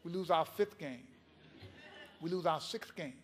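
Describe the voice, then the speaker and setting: Impassioned man with a husky voice. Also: a little high, measured pace, big-room sound. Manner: impassioned and animated. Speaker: keynote speaker. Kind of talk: storytelling speech.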